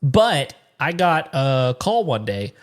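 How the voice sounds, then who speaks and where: Man, podcast co-host, animated storyteller, mid-pitched voice, casual. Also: slow. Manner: animated storyteller, acts out both sides of a phone call; laughs often while telling stories. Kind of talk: casual chat.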